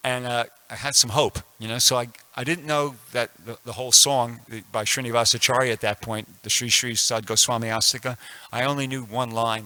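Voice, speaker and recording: Speaking a little fast with fairly even intonation, this man has a mid-range voice and a bright, forceful tone, though the audio is poor. He's in his sixties, telling a personal story at an informal temple scripture class, and it rambles with frequent restarts and fillers.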